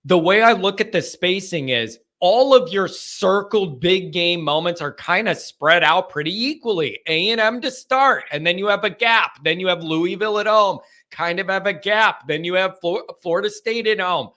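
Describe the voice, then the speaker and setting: A man hosting a live call-in fan show, chatting casually and breaking into joking, animated rants. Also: sits high, moderate pace, hardly any pauses.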